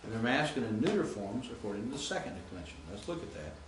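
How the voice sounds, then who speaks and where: A man's voice: medium pitch, big pitch swings, quick pace, reverberant, background noise. A man teaching Greek grammar in a classroom lecture, explaining and reciting word forms.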